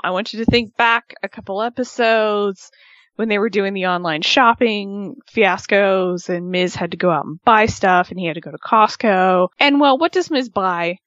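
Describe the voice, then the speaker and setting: A woman co-host chats through an episode recap, animated and full of fillers. Her voice sits in the middle of the pitch range. The recording is dull and lo-fi, with no room echo at all. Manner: chatty, animated storytelling with many fillers. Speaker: radio show co-host. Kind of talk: casual chat recapping a reality show. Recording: dull, dry lo-fi sound.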